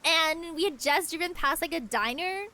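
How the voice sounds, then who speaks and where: A high, bright-voiced young woman chats casually while she plays a game on stream. Her pitch jumps around a lot as she rambles through stories, doubling back and restarting her sentences. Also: expressive, normal speed. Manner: chatty storytelling, rambling with restarts. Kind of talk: casual chat while gaming.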